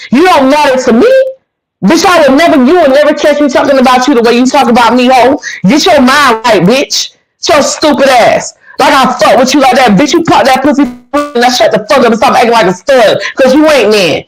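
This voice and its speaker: High-voiced woman in a cursing rant. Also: poor audio. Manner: cursing, insulting, repetitive and combative. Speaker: guest on a live stream. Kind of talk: heated rant.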